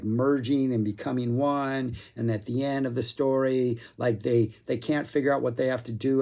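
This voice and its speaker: A man's voice: medium pitch, a little mellow. Rambling enthusiastic man reviewing music. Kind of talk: casual spoken album review.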